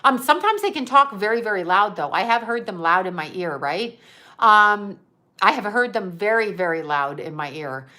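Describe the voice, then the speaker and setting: Speaking at a moderate pace in a medium-pitched, animated voice, this woman sounds bright and forceful. She's a psychic medium on a livestream, chatting and rambling, laughing a lot and reading out viewers' comments as she responds.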